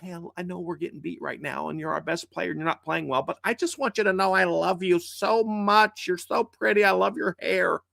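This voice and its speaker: A man voicing a soft-spoken female coach who gushes sweetly at her player, in a mocking tone. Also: high-pitched, a little fast, vocal fry, few pauses, no room sound, studio quality, heavily acted. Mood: mock tender.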